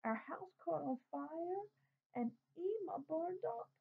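A woman's voice: very high voice, big pitch swings, takes it slowly, gravelly, voice pushed up, exaggerated voice. A woman voicing a frightened little boy who talks in a small timid voice. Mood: scared pleading. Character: little boy, scared and clingy. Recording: tinny phone-like sound.

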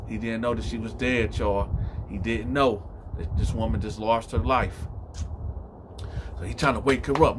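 Brief: male storyteller, casual, animated, talks to the audience. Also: lowish voice, measured pace, noisy background. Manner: animated, addresses listeners directly.

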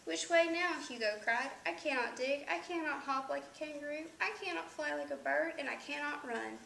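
A woman's voice: high-pitched, normal speed, vocal fry, pushed and bright, reverberant, a little hiss or hum, voice pushed up, full character voice. A woman voicing a silly male elephant with sore feet, with plaintive exclamations, in a storybook reading. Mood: glum.

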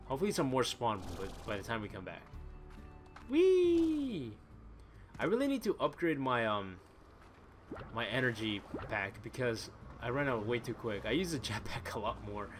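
A man doing excitable, chatty commentary as he plays a video game, thinking aloud and exclaiming often. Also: fairly low pitch, normal speed. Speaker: let's play gamer. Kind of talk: live gaming commentary. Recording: voice over loud game music. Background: game music.

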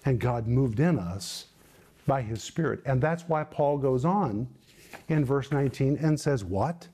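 Earnest Bible teacher, man with a mellow voice. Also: mid-range voice, measured pace, breathy edge. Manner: emphatic, rising to forceful exhortation.

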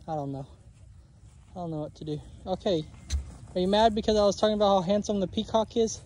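A man's voice: high-pitched, steady tone, fast, long pauses, mellow. A man vlogging outdoors on his homestead, joking, laughing and exasperated as he talks to his animals. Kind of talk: casual vlog narration to camera. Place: outdoors on a homestead, in and around a chicken coop.

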